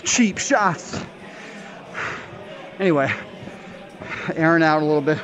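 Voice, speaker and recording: A man with a fairly high voice curses and rants while throwing punches in a VR boxing game. He is out of breath from the workout and often bursts into shouts. His voice comes through a headset mic. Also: animated, slow pace, lo-fi sound. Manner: profane, angry ranting with shouted outbursts. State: out of breath from exercise. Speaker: VR fitness vlogger.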